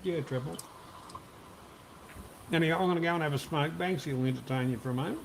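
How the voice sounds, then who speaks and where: A man's voice: on the high side, quick pace, creaky. A man with an Australian accent chatting casually, blunt and profane as he airs strong opinions. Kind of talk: casual chat.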